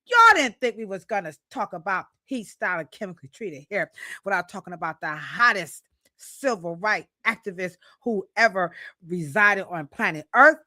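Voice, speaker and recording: Playful bright-voiced woman host. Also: medium pitch, normal speed, dry recording, clean studio sound. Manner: lively, playful, breaks into song. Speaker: podcast host. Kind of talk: casual live-stream chat.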